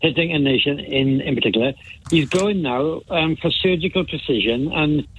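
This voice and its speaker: A man calling in to a talk show, talking haltingly with many restarts. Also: fairly high pitch, a little hiss or hum. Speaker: caller. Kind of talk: phone-in chat. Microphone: phone. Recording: tinny phone line.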